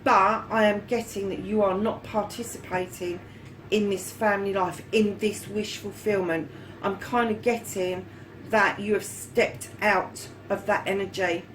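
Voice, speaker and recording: A woman's voice: medium pitch, steady tone, unhurried, slight background noise, rough recording. A woman giving a casual tarot reading, chatty and fond, calling her viewers darlings and lovelies and swearing now and then. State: hot and yawning. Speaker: tarot reader.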